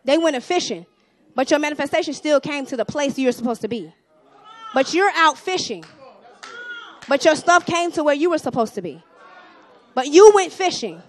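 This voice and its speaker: A young woman with a Southern US accent preaches a sermon in a high-pitched, animated voice at normal speed. She swings between hushed asides and loud exhortation.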